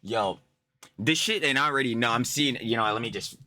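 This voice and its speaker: A man's voice: medium pitch, fast, bright, forceful tone. A young man giving profane, mocking reaction commentary, ranting and laughing. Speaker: commentary YouTuber.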